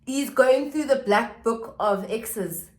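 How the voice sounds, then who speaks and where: A beauty vlogger with a fairly high voice speaks slowly while doing her makeup at home, sharing a piece of gossip. She's chatty and throws in dramatic asides to her viewers. The room sounds echoey.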